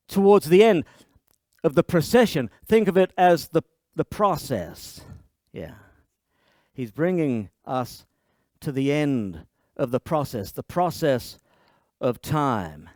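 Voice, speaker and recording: A male pastor delivers a sermon in a slightly high, very animated voice that swings up and down, and he takes his time. He explains with playful asides and restarts his sentences often, and the sound is close and dry. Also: slow, pauses often, dry recording.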